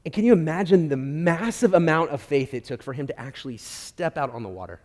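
A man preaching a sermon, telling a story with lively swings between loud emphasis and quiet asides, often restarting his phrases. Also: a little high, a little fast. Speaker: pastor. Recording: long hall reverb.

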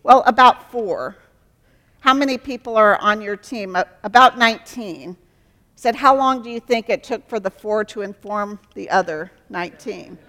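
A woman's voice: mid-range voice, moderate pace, fairly bright tone, in a large hall. A woman giving an earnest sermon as a Christian counselor, acting out dialogues to teach.

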